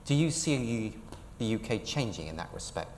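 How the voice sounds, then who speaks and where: A man interviewing a guest on stage, asking brief, measured questions. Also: fairly low pitch, animated, creaky, a little mellow. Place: large conference hall. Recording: echoey hall with faint room noise.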